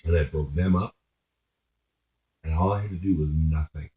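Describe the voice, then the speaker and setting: A man's voice: extremely low pitch, steady tone, moderate pace. A man telling a meandering, profane story in casual chat, often restarting mid-sentence. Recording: echoey room on a tinny phone-like line.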